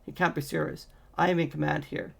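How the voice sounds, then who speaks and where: A man reading the lines of an indignant male battle mage, shouting accusations in outrage. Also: fairly high pitch, steady tone, fairly quick, gravelly, slightly rough, heavily acted. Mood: outraged.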